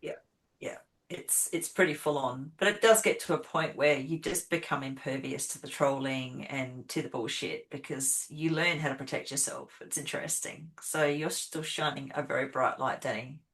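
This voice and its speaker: A woman's voice: extremely low pitch, moderate pace, fairly bright tone. A woman guest with an Australian accent, talking frankly and affectionately in a casual conversation.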